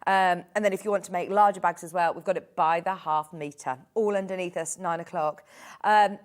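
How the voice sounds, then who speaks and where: A woman's voice: fairly low pitch, steady tone, fairly quick. Chatty woman presenting a shopping show. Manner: chatty and enthusiastic, gushing about products. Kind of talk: live TV sales presentation.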